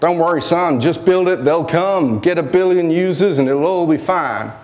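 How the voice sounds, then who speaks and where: A man's voice: a little high, normal speed, a little mellow, voice pushed up, lightly acted. A man putting on a brash American investor with a breezy, put-on American accent.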